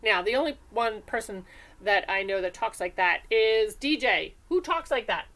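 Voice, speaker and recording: A woman teaching a recorded class lesson, animated and sing-song, calling on students by name in a classroom. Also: mid-range voice, moderate pace. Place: classroom with whiteboard.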